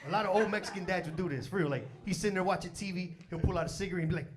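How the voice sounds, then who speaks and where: A man's voice: high-pitched, very fast, few pauses, very noisy. A man in his forties from Chicago's South Side doing a stand-up comedy set, telling stories and acting out the people in them. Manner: animated storytelling, acting out characters. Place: comedy stage before a live audience. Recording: loud crowd laughter throughout. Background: audience laughter.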